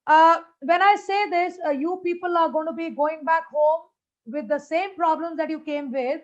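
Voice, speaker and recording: A woman from India giving an energetic conference keynote over a video call, talking straight to the audience. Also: extremely high pitch, normal speed. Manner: energetic, chatty, addresses audience directly. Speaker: motivational speaker. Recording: slightly dull video-call audio.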